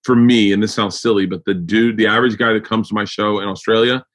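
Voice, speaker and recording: Swearing American podcast host. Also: male voice, fairly low pitch, fairly even intonation, fast. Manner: loud, swearing, rambling storyteller. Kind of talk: casual chat.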